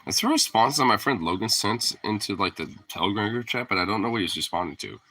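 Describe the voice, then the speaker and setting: A man's voice: expressive, fast, sharp tone, husky, no room sound. A man chatting casually to the camera and his dog, rambling, laughing and swearing freely. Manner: talks to his dog in a pitched-up teasing voice. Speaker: pet owner vlogger. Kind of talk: casual chat.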